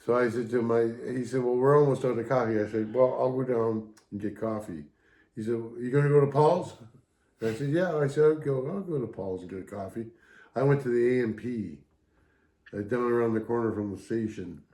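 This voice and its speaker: A retired firefighter, a man, telling stories in a relaxed, dry way during a casual chat. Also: mid-range voice, a little fast. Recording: roomy echo.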